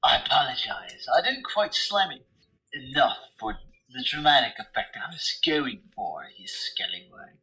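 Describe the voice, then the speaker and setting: A brash adventurer offers a theatrical, mock-polite apology in a bright, forceful tone, as a man puts on his character. The delivery stays close to an everyday voice, with a bit of tabletop game swagger. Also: fairly high pitch, wildly swooping pitch, measured pace, exaggerated voice, rough recording.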